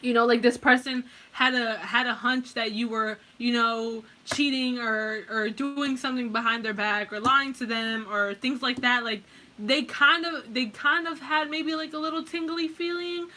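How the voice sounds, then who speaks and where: A woman's voice: a little high, fairly even intonation, normal speed, sharp tone, a little hiss or hum. A woman giving a casual pick-a-card tarot reading, blunt and heavily profane, rambling with restarts and fillers as she talks straight to the viewer. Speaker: tarot reader.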